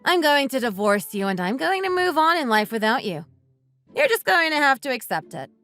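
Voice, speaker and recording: A woman plays a bitter wife in a texting-story drama. Her voice sits high and moves a lot as she lays out her grievances bluntly. Faint music runs underneath. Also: big pitch swings, normal speed, pushed and bright, full character voice. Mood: accusing. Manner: accusing, resentful, blunt. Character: bitter wife divorcing her uncaring husband. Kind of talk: text-message story dramatization.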